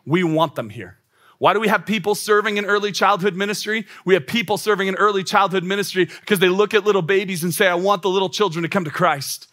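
A man's voice: high voice, fast talker, fairly bright tone. A man in his thirties preaching a sermon as a pastor, emphatic and repetitive, with rising exclamations. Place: church auditorium.

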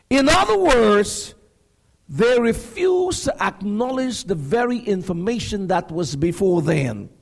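A man preaching a sermon, building to shouts and asking the congregation questions. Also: sits high, creaky. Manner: preaching with rising shouts and call-and-response questions.

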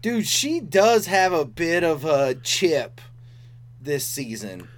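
A man's voice: a little high, lively intonation, slow. A man co-hosting a podcast in casual chat, enthusiastic and emphatic. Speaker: podcast co-host.

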